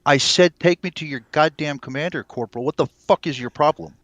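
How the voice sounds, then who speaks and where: A man's voice: mid-range voice, expressive, normal speed, no room sound, highs cut off, natural voice. A man voicing an angry, profane army captain who barks orders and swears. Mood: furious. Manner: yelling, swearing, barking orders.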